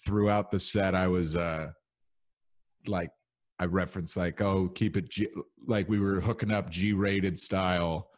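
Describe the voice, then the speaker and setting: Deep-voiced young man chatting casually. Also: steady tone, a little slow. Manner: rambling storyteller, many fillers. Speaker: podcast host. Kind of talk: casual chat.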